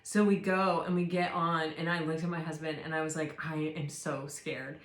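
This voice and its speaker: A woman giving a tarot reading, talking in a loose, rambling way with lots of fillers and self-corrections. Her voice sits on the low side for a woman and is soft and reassuring. The sound has a noticeable roomy echo. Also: steady tone, fairly quick. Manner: rambling, many fillers and restarts. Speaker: tarot reader. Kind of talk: casual spiritual chat.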